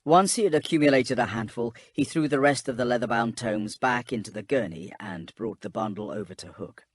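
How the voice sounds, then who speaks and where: A man narrating a calm bedtime sci-fi audiobook in a steady, husky voice. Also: mid-range voice, a little fast, no room sound, studio quality.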